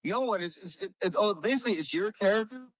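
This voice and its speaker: A man's voice: high-pitched, animated, fast, no echo, low-quality recording. A man hosting a podcast, telling rambling stories in casual chat with lots of fillers. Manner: rambling storyteller with many fillers. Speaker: podcast host.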